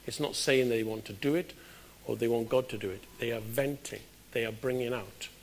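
Man, British preacher, conversational sermon, loud emphatic bursts. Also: medium pitch, steady tone, moderate pace, a little hiss or hum. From Britain.

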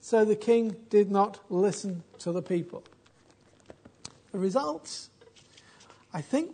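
A man's voice: high-pitched, a little mellow, husky. A man giving a conversational Bible history talk, wry and dry-humored, often restarting his sentences. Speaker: Bible teacher.

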